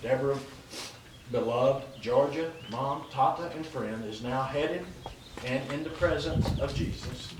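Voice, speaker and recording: A man reading written eulogies aloud at a memorial in a loud, plain-spoken way, adding asides. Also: mid-range voice, a little slow. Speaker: brother-in-law reading eulogies. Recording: echoey, distant, noisy outdoor video.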